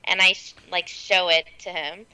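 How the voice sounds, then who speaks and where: A woman's voice: lowish voice, flat delivery, moderate pace, sharp tone, clean tone, rough recording. A woman playing a tabletop role-playing game, chatting casually, giggly and scattered, fumbling for words. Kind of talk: casual improvised role-play.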